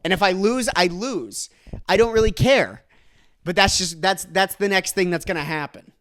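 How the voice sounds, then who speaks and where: A young man telling a comic story as a podcast host, ranting with bursts of laughter and shouting. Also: high-pitched, normal speed. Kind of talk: comedic storytelling rant.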